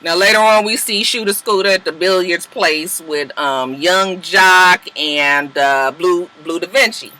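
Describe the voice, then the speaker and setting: A woman's voice: on the low side, measured pace, few pauses, poor audio. A woman casually recapping a reality show episode for viewers, chatty and profane, acting out what people said. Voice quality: animated storyteller who acts out quotes in exaggerated voices and laughs often. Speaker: TV episode reviewer.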